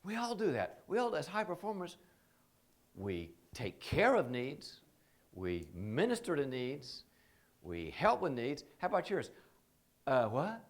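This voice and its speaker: A man's voice: medium pitch, wildly swooping pitch, slow pace, pauses often. A man teaching a live training seminar in a conversational, joking way, often slipping into quoted voices.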